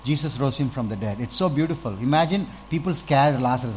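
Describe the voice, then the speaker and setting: A man preaching a sermon as pastor, animated, swinging from quiet stretches to loud bursts as he acts out little scenes. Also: mid-range voice, quick pace, slight background noise, rough recording.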